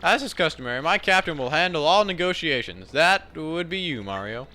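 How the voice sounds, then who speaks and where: A man's voice: a little high, expressive, a little fast, sharp tone, pitched above the performer's own voice. A man voicing a pompous, flamboyant male merchant captain with grand, theatrical phrasing. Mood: grandiose.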